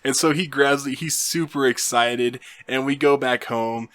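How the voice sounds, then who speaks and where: A man's voice: medium pitch, a little slow, a bit bright, dry recording. A young man hosting his own channel and telling a story casually, rambling with lots of fillers. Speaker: YouTube host.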